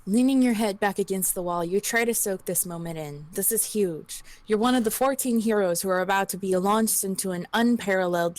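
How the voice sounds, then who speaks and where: A woman's voice: mid-range voice, dry recording. Woman reading a story aloud. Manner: steady read-aloud with small slips. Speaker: streamer reading an interactive story.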